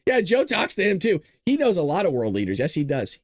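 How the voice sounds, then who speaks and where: A man hosting a live political commentary show, talking in an animated, sarcastic way with laughing asides. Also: sits high, quick pace, no echo, clean studio sound, soft background music. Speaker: host.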